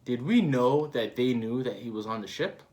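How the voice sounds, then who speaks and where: A man hosting a live comic read-along, breaking off to ramble through excited fan theories. His voice sits at an ordinary middle pitch, and he talks in long, loose run-ons. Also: moderate pace. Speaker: manga reaction host.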